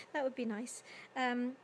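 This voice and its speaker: Chatty young woman with a higher voice. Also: a little hiss or hum. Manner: chatty, giggly, with many ums. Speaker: singer hosting a livestream concert. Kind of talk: casual chat reading viewer comments.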